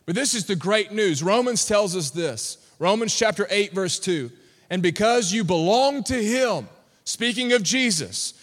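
Preacher, male, very high voice, emphatic delivery, church hall reverb. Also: fairly bright tone. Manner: emphatic, call-and-response with congregation. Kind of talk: sermon. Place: church sanctuary. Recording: long reverb of a large hall.

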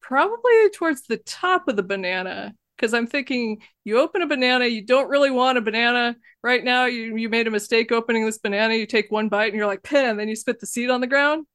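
A woman co-hosting a podcast, making quick, playful deadpan jokes in casual chat. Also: on the high side, clean tone, no room sound, clean studio sound. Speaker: podcast co-host.

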